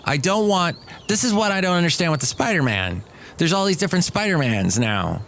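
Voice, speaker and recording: A man's voice: a little high, sing-song, brisk, fairly bright tone, a little hiss or hum. Rambling jokey male podcast host. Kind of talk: casual solo podcast monologue.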